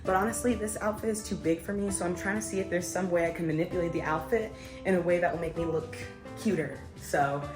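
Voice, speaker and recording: A woman's voice: lowish voice, fairly even intonation, fast talker, distant mic. A young woman from Maryland, a travel vlogger chatting to camera with lots of fillers, at times fighting back tears in a hotel room. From Maryland, USA. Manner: chatty and upbeat, with many fillers. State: tearful, fighting back crying. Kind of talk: casual vlog talk to camera. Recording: echoey room, voice slightly off-mic, music behind.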